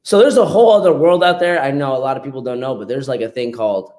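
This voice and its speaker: A man's voice: medium pitch, quick pace, a little mellow. Laid-back young man, casual chat. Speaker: podcast guest, dancer.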